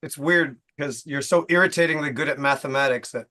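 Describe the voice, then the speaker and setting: A man's voice: a little high, brisk, pushed and bright. A man chatting casually, teasing his friends. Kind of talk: casual chat.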